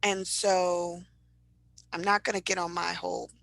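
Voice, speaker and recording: A young woman co-hosting a podcast in casual chat, telling stories with animated bursts of high-pitched impressions. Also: measured pace, creaky, no echo, low-quality recording. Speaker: podcast co-host.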